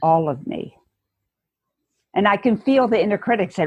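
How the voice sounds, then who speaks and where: A woman guest speaking earnestly in a conversational interview, telling stories and acting out inner voices, with a husky voice. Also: medium pitch, animated, normal speed, long pauses, darkish tone, dry recording, lo-fi sound. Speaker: guest educator.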